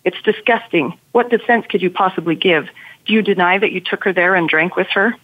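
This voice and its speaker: A woman's voice: fairly low pitch, fairly quick, natural voice. A woman reading the lines of an angry male priest in her novel, stern and accusing, over a phone line.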